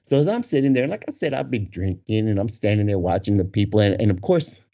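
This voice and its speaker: A man telling a casual story with animated energy, laughing often and acting out the voices of the people in it. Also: on the low side, quick pace, vocal fry. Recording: dull lo-fi recording.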